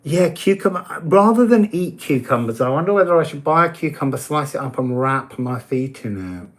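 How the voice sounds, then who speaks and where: A man's voice: a little high, lively intonation, normal speed. A man giving oracle card readings in a casual live-stream chat, talking easily, answering viewers' comments and laughing often.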